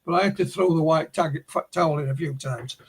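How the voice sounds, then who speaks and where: Husky northern English man telling a story. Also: a little high, fairly quick. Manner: storytelling, restarts words. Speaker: guest researcher. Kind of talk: podcast interview, recounting a case.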